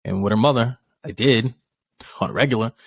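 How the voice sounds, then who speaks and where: A man's voice: medium pitch, brisk, creaky, breathy edge, dry recording. A man talking casually on a podcast, laid-back and blunt. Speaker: podcast co-host.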